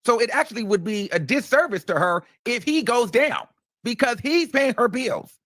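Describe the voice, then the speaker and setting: A man's voice: very high-pitched, lively intonation, normal speed, fairly bright tone, dry recording. A man hosting reaction commentary, emphatic and repeating his points for stress. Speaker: commentary host.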